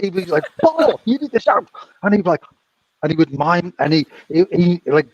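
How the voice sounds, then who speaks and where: A man co-hosting a casual podcast chat, telling animated casino anecdotes and acting out the quotes. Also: fairly high pitch. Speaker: podcast co-host, former dealer. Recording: distant, dull lo-fi mic with faint noise.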